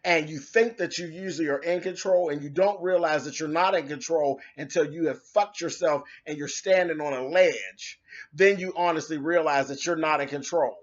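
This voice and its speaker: A man with a high voice rants in a sassy, cutting way, tossing off dramatic asides. The recording sounds dull and lo-fi. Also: normal speed. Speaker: commentator. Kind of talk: casual rant video.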